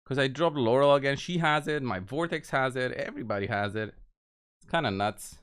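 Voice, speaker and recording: A man's voice: medium pitch, brisk, a bit bright, smooth. A man giving casual gameplay commentary, walking viewers through each move step by step. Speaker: game video creator.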